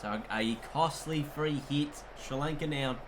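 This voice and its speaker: A man with an Australian accent commentating a cricket video game as he plays, mixing play-by-play calls with excitable asides. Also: fairly high pitch, unhurried, noisy background. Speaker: gaming commentator.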